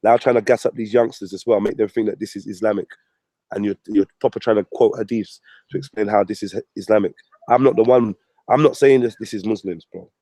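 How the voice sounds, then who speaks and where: A man's voice: on the low side, steady tone, brisk, mellow, dry recording. A man ranting on his channel, mocking and swearing at a rival. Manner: profane, mocking, combative. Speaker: vlogger. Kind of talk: ranting commentary.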